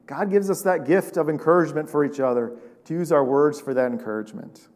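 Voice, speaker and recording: A man with a fairly high voice preaches to his congregation. He keeps it loose and conversational and keeps throwing rhetorical questions at the listeners. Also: a little fast, a little mellow. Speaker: pastor. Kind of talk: sermon.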